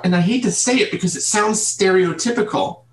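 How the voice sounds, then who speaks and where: A woman guest in an interview, telling her childhood story in an earnest, halting way and repeating words. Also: mid-range voice. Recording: roomy echo.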